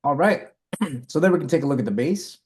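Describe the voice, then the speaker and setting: A man's voice: a little high, expressive, fairly quick, a little mellow. A man teaching a live coding lesson, talking through his code step by step and correcting himself as he goes. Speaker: coding instructor.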